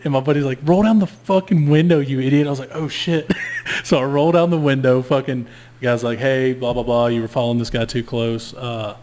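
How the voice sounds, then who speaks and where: A man casually telling a long story on a podcast, swearing freely and acting out every line of dialogue himself. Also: mid-range voice. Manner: animated, profane, acts out both sides of dialogue. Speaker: podcast co-host.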